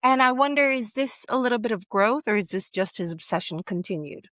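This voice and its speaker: Young female co-host, animated and playful, slightly high, dry studio read. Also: brisk, no echo. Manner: animated, acts out characters in quoted asides. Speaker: podcast co-host. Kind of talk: casual book discussion.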